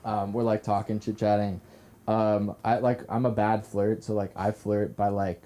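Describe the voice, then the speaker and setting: On a comedy club stage at an open mic, a young stand-up comedian tells a self-deprecating story, rambling with lots of fillers and restarts. His voice is fairly low and mellow, with little pitch movement and normal speed.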